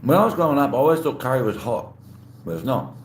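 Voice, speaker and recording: A man's voice: medium pitch, very animated, quick pace. Laid-back Australian man, roomy echo. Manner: laid-back, rambling, answers chat messages aloud. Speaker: livestream host. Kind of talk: casual live chat, greeting viewers while eating. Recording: roomy echo with faint background hum.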